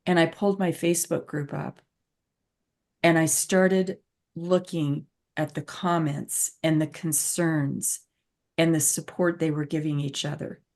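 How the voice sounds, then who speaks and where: A woman's voice: sits low, fairly even intonation, a little slow, darkish tone. A woman patient advocate and host telling a personal story in an earnest, reflective way with emphatic repetitions. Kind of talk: conversational storytelling.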